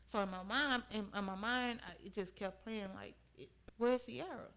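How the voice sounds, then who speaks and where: An earnest young woman speaks as a podcast guest, recounting her own story in a conversational way. She often pauses to check that her listeners are following. Her voice sits at a middle pitch. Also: bright, forceful tone.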